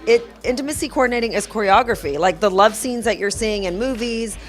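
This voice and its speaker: A woman's voice: fairly high pitch, fairly quick, soft background music. A woman festival founder talking earnestly in a casual interview, rambling a little.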